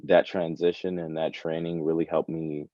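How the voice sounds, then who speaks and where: A man's voice: extremely low pitch, level tone, moderate pace, warm tone, no echo, muffled recording. A young man in his early twenties, a college track athlete, talking casually and earnestly as a guest, often saying "you know" and "like.". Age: early 20s. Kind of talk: casual interview chat.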